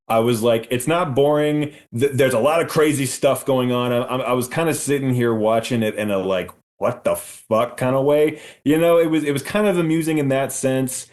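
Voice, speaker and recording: A man co-hosting a movie podcast, ranting about a bad film with lots of swearing and rising exasperation. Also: medium pitch. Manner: ranting, profane, animated. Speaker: podcast co-host. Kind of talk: casual movie review chat.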